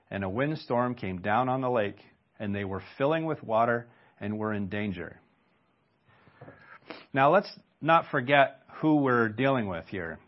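A man's voice: mid-range voice, lo-fi sound. A man preaching a sermon in a conversational way, stopping for rhetorical questions and asides. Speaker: pastor.

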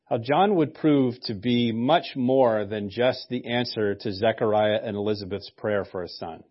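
A man's voice: medium pitch, moderate pace, few pauses, lo-fi sound. A male pastor preaching a sermon in a conversational way, with joking asides.

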